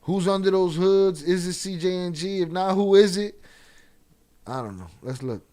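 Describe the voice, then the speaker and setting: A man hosts a live stream, casually commenting and reading chat aloud bluntly and with plenty of profanity. His voice is high-pitched and mellow, at a normal speed.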